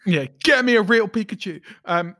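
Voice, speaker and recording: A man's voice: high voice, lively intonation, moderate pace, pushed and bright. A young man co-hosting a podcast, chatting in an upbeat way and laughing often. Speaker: podcast co-host. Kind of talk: casual chat.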